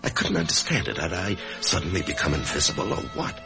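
An actor playing an anxious office worker who expects to die, narrating and speaking in a hesitant, stammering way in an old radio drama. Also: male voice, deep voice, huge pitch swings, fast talker, creaky, over music, heavily acted. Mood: brooding. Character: anxious male office worker facing death. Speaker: narrator and lead character. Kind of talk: 1950s radio drama acting.

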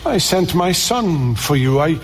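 A man's voice: on the high side, sing-song, a little slow, in a large hall. A man preaching a sermon with passion, repeating words and climbing to emphatic peaks.

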